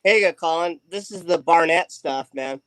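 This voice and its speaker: A man's voice: on the high side, moderate pace, a bit bright, poor audio. A man chatting casually on a livestream, rambling with lots of fillers while he waxes a bowstring. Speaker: livestream guest. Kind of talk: casual chat.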